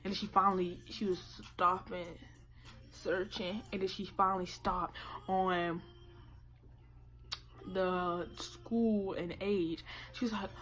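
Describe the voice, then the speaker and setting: A teenage woman telling a story to her camera, animated and profane, acting out what people said. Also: on the low side, takes it slowly. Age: late teens. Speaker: vlogger. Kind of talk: casual storytime vlog. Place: indoor room by natural light.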